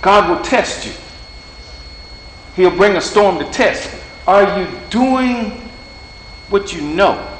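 Speaking slowly with long pauses, a man with a high-pitched, expressive, slightly bright voice delivers a folksy, plain-spoken informal sermon. He acts out little dialogues, then leads a prayer, recorded in an echoey hall with a faint hum.

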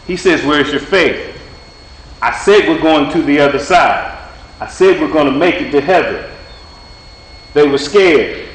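A man's voice: a little high, animated, a little slow, long pauses. A man preaching an informal sermon in a plain-spoken, folksy way, acting out little dialogues, then leading a prayer. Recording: echoey hall with faint hum.

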